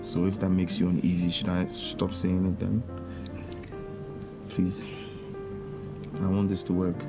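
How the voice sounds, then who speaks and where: An actor playing an earnest young man pleading with the maid he loves, speaking in an even, reassuring way. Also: deep voice, a little slow. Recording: guitar music under the voice.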